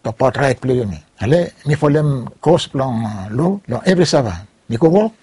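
Soft, husky Ni-Vanuatu man recalling his life. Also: medium pitch, animated. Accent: Ni-Vanuatu Bislama. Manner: halting, mixes Bislama, English and French, frequent restarts. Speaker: interviewee. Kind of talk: recounting his life story.

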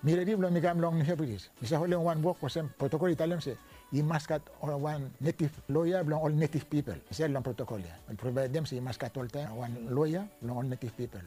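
An older man from Vanuatu with a Bislama-speaking ni-Vanuatu accent, slowly recalling his life in an oral history interview and mixing in English and French words. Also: a little high, mellow, soft background music. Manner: slow, searching, mixes Bislama with English and French.

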